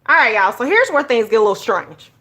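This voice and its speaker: Bright-voiced woman chatting. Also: on the high side, fast talker. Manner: animated storytelling, addresses viewers as y'all. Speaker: journaling YouTuber. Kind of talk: casual chatty vlog while journaling.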